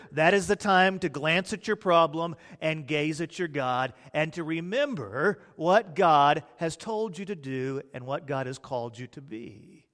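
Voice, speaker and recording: A man preaching a sermon, swinging from hushed, drawn-out words to loud, excited bursts as he acts out the disciples' panic. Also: high-pitched, in a large hall.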